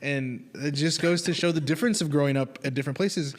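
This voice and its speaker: A man's voice: fairly high pitch, fairly quick. A man in casual studio chat, telling road-trip stories with lots of acted-out quotes. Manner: animated storyteller, acts out quotes.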